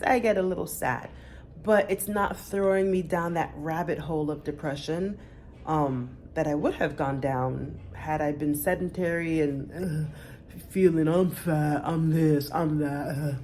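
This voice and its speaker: A woman's voice: sits low, animated, unhurried, darkish tone, a little hiss or hum. A woman in her thirties, chatting candidly to the camera for her vlog, with lots of fillers. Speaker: vlogger. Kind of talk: casual chat to camera.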